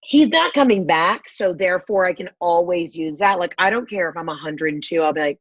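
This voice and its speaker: A young woman from the American South, a comedian guest on a podcast, telling profane, animated comic stories in casual chat. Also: lowish voice, fairly quick, few pauses, no echo, lo-fi sound.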